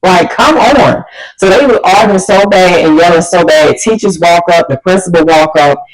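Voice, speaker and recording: A woman vlogger telling a storytime tale in an animated, chatty way, talking straight to her viewers. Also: on the low side, moderate pace, rough recording. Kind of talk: storytime vlog.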